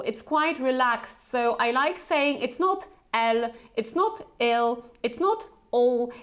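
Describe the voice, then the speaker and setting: Slow, high-voiced woman teaching pronunciation. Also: fairly bright tone. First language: Polish. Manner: slow, deliberate, repeats words for learners to echo. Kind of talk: online pronunciation lesson.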